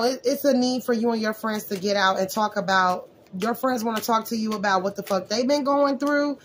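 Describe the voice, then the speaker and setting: Woman doing a tarot reading, swears a lot, mid-pitch voice, bit of background hum. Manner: blunt, profane, animated asides. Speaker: tarot reader.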